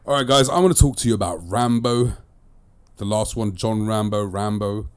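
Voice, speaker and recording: A man with a lowish, clean-toned voice talks at normal speed. As a podcast host and disc reviewer in casual chat, he shares chatty opinions and repeats phrases for emphasis.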